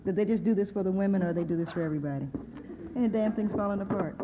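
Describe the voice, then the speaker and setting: A woman's voice: mid-range voice, racing, very noisy. A woman giving a humorous lecture from a podium at a university, wry and sardonic in a conversational way, often breaking into laughter. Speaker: guest speaker at a university. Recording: archival lecture recording with long hall reverb, dull and lo-fi.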